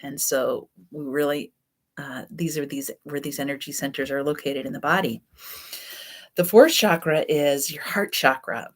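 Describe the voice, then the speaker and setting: A woman teaching a class in a relaxed, conversational way, her voice sitting low. She talks loosely, with frequent fillers and restarts. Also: moderate pace. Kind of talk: casual spoken teaching.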